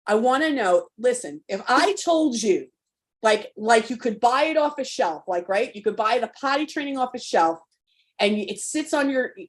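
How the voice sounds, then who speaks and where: Frank, spirited woman coach, slightly high voice. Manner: frank, spirited, curses freely; conversational, rallying. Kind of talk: live online coaching talk.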